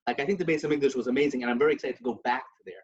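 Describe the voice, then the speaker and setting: A man's voice: medium pitch, rapid-fire, a little mellow. Man in a dull lo-fi recording. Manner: storytelling with many restarts and Yiddish terms. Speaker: podcast co-host. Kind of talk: casual religious discussion.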